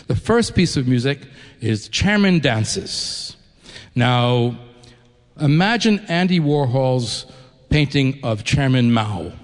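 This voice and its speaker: A man who grew up in New York, speaking enthusiastically and conversationally to a concert audience, with frequent restarts. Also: on the high side. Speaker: orchestra executive addressing a concert audience. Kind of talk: live speech to an audience. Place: concert hall. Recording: long hall reverb.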